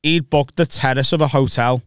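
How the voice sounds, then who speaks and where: A man, telling a lively anecdote on a podcast and acting out voices as he goes. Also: medium pitch, normal speed, smooth, dry recording, studio quality. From England. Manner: animated, acts out voices in anecdotes, swears freely. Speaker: comedian podcast host. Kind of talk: casual storytelling chat.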